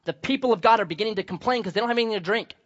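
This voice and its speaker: Animated high-voiced young male pastor. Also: rapid-fire. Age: young adult. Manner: storytelling, acting out voices with humor. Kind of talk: sermon. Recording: slightly dull lo-fi sound.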